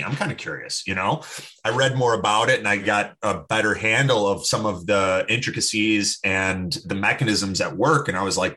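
A man speaking as a podcast guest, talking emphatically and telling stories in an opinionated, animated way. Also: on the low side, normal speed. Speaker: podcast guest, health expert. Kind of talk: casual interview talk.

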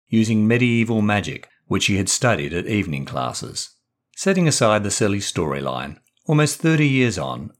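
Low-voiced man reading a short story. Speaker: short story author and podcast host. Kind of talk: scripted narration.

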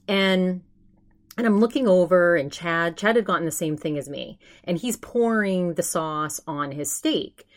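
A young woman hosting a podcast, telling a story in casual chat with animated quoted asides. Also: on the low side, normal speed. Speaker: podcast host.

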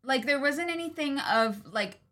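A woman chatting on a live book stream in a bright, clear voice. She sounds upbeat and casual, and she often trips over and restarts her phrases. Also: high voice, expressive, measured pace. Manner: upbeat, with frequent hesitant restarts. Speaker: co-host of a book club stream. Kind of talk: casual livestream chat.

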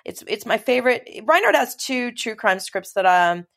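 A woman's voice: on the high side, creaky. Chatty middle-aged woman telling a story. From Los Angeles. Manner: chatty, animated storytelling with quick asides. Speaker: interview guest, film producer. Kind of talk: casual conversation.

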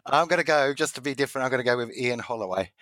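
A British man talks fast and dry on a football podcast. His voice sounds close and free of room echo, and he throws in wry jokes between quiz answers. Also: medium pitch, animated, fairly bright tone. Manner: quick, joking, wry. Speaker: podcast guest, teacher. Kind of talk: casual football chat.

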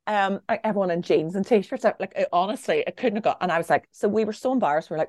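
A young woman co-hosts a casual chat, telling a funny story and laughing her way through it. Her mid-range voice moves fast with hardly any pauses, captured in a dry, studio-quality recording.

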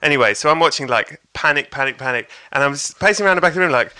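Bright-voiced man telling a story. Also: fairly high pitch, racing, few pauses, clean tone. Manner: animated, swears, acts out crowd voices. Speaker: comedian guest. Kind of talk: casual storytelling chat.

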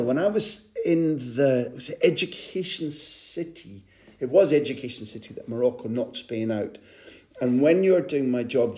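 A man's voice: medium pitch, mellow. A man, a football correspondent, telling a rambling anecdote in casual podcast chat and laughing often.

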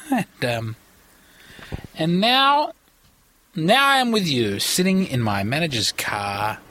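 A man's voice: mid-range voice, fairly bright tone. A tired man hosting a rambling solo comedy podcast from a parked car, with theatrical, pompous mock-indignation.

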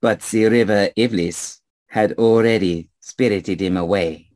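A man's voice: fairly low pitch, unhurried, a little mellow, no echo, lightly acted. A man voicing a teasing, evasive Vistani man with a put-on French accent. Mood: sly. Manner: teasing, playful.

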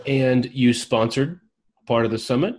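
An energetic man hosts an online roundtable over a video call. He talks in an upbeat, casual way and calls on members one by one by name. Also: medium pitch, measured pace, a little hiss or hum.

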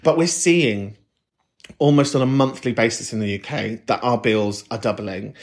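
Lively, sweary British podcast host. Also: mid-range voice. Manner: sweary, animated, rambling. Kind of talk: casual chat.

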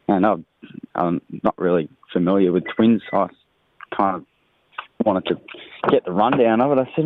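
A man's voice: lowish voice, moderate pace, long pauses, no room sound. Man on a tinny phone line. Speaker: caller. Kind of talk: voicemail joke.

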